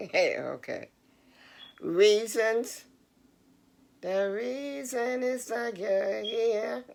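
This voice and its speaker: A middle-aged woman vlogger giving a casual, earnest motivational talk straight to her viewers. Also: medium pitch. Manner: earnest, preachy, addresses the audience directly.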